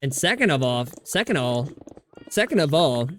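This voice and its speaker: A man's voice: mid-range voice, sing-song, normal speed, fairly bright tone, a little hiss or hum. A man livestreaming a survival game, chatting casually in a rambling, profane way and laughing often. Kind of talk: casual gaming stream chat.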